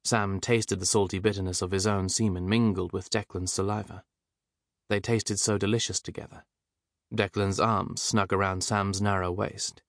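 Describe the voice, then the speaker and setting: Low-voiced male audiobook narrator. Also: dry recording, studio quality. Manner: measured, even storytelling.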